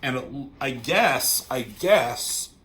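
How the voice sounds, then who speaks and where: A man's voice: medium pitch, lively intonation, slow pace, a bit bright, a little hiss or hum. A man reviewing a comic book in a loose, rambling, casual way, swearing freely and trailing off as he goes.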